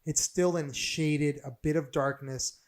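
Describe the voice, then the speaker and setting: A man co-hosting a casual film podcast, talking in an excitable, rambling way and swearing often. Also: a little high, measured pace. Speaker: podcast co-host.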